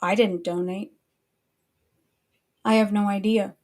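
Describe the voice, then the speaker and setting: A woman's voice: mid-range voice, fairly even intonation, slow, darkish tone. Annoyed woman ranting casually. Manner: annoyed, blunt, swears freely. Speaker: online commentary host.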